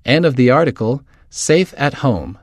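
Guy reading a story aloud, steady, mid pitch, dry close sound. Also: unhurried, dry recording. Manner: steady storytelling, lifts pitch for quoted voices. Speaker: reader.

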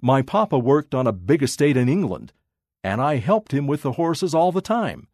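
A man's voice: mid-range voice, sing-song, normal speed, a little mellow, dry recording, clean studio sound, voice pushed up. A man doing a timid young boy. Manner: timid, stammering. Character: nervous young English boy traveling alone.

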